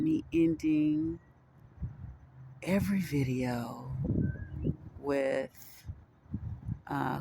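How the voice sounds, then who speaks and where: A man hosting his own video, talking gently and haltingly to viewers, repeating words and coaxing them to answer aloud. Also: a little high, creaky, slight background noise. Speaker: video host teaching viewers. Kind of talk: slow, gentle monologue to the camera.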